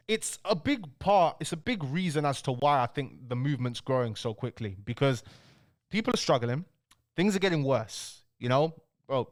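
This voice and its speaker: A young man hosts a casual commentary rant, animated and slangy as he presses his points. His voice sits a little above the usual male range. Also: a little high. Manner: animated, ranting, fills lines with "bro" and "bruv". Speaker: commentary channel host. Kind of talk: casual political rant to camera.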